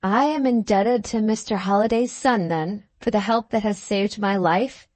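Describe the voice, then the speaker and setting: A strange young medical student, as a woman reads him, speaking with a harsh, mocking sarcasm that never quite lets go. The storybook voice sits at an ordinary pitch. It is recorded dry and close for an audiobook. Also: moderate pace, darkish tone, no echo, lightly acted. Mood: sardonic. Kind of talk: audiobook character reading.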